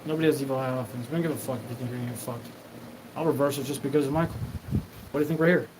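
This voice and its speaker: A man's voice: medium pitch, rapid-fire, background noise. A man hosting a solo show, talking in a rambling, profane monologue and acting out quoted back-and-forth exchanges. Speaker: host.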